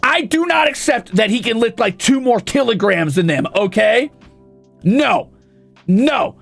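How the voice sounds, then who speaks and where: A man streaming, ranting indignantly and profanely, often breaking into shouts. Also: extremely high pitch, big pitch swings, a little slow, creaky, breathy edge, faint music behind. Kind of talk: casual stream rant.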